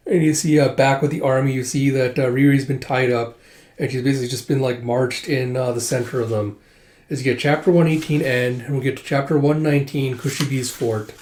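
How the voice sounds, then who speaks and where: A man with a mellow, dark, medium-pitched voice reads through a manga volume fairly quickly and casually. He voices the characters' lines in sudden bursts of energy, and fills the gaps with plenty of "like" and "uh". A roomy echo surrounds the sound.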